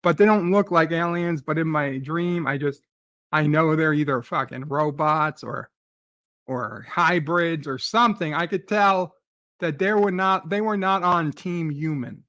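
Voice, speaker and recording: A man's voice: a little high, measured pace, fairly bright tone, dry recording. A man hosting a live stream, retelling a dream in a profane, agitated rant full of stammering restarts.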